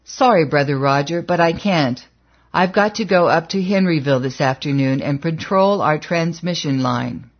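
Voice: medium pitch, moderate pace, lo-fi sound, natural voice. A narrator voicing a troubled adult male preacher who talks in an earnest, pleading way, read as an audiobook character. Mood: calm.

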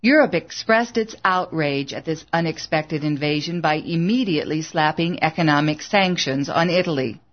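A woman narrating an audiobook in a measured, earnest way, in a slightly dull lo-fi recording. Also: sits low.

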